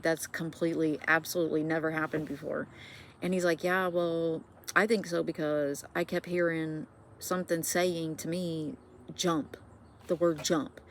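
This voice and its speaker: A middle-aged woman from Indiana with a somewhat low voice tells a spooky story straight to her viewers. She rambles casually, swears, and keeps checking in with them. A faint hum of background noise sits under her voice. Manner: chatty, swearing, many fillers and asides to viewers. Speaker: vlogger.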